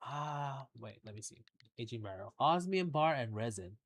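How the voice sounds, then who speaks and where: A man's voice: medium pitch, lively intonation, normal speed, a bit bright. A man streaming a game, chatting casually in a rambling way and swearing now and then. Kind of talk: casual gameplay chat.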